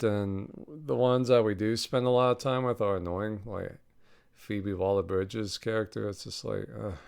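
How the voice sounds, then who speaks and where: A man with a low, gravelly voice that is also smooth and clear gives a casual spoken film review. He talks bluntly and swears freely, rambling through fillers and restarts and breaking into short laughs. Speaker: podcast host reviewing a film.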